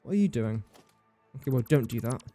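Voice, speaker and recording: A man's voice: mid-range voice, animated, fairly quick, dark tone, soft background music. A man streaming live gameplay commentary, thinking aloud in a chatty way, talking to his game and to viewers in chat.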